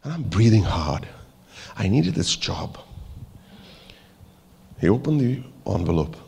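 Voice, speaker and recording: A man's voice: on the low side, takes it slowly, creaky, in a large hall, slight background noise. A man with an Indian English accent giving a motivational keynote speech, telling a story and acting out its characters. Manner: animated storyteller, acts out characters, jokes with the audience. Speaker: keynote speaker.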